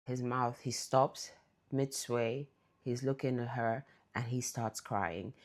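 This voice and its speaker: A woman's voice: a bass voice, fairly even intonation, takes it slowly, a little mellow. A woman telling a story to her viewers in a chatty way, speaking right to them. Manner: chatty, addresses viewers directly. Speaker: vlog storyteller. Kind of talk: casual storytelling to camera.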